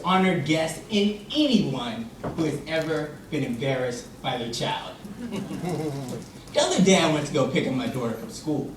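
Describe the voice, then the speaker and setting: A young man delivering a comic contest speech on stage, his pitch leaping around as he tells the story. He sounds distant from the mic in a very echoey hall. A live audience murmurs behind him. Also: slight background noise. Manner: animated storytelling, acts out voices. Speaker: contest speaker.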